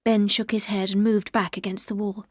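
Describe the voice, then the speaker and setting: Woman narrator, clear even reading, dry close studio sound, audiobook. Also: mid-range voice, normal speed, no room sound. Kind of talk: scripted audiobook narration for learners.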